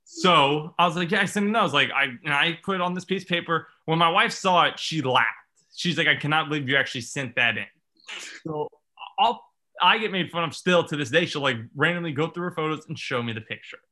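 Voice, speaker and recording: Man, casual storyteller, lively quoted voices, bright and forceful tone. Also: a little high, brisk. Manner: animated, self-mocking storyteller acting out quotes.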